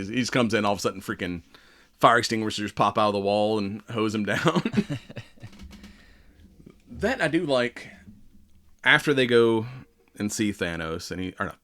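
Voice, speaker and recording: A man's voice: fairly low pitch, fairly bright tone. A man co-hosting a podcast, chatting casually about a movie, laughing often and acting out characters' lines. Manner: laughing, acts out lines in quick voices. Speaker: podcast co-host.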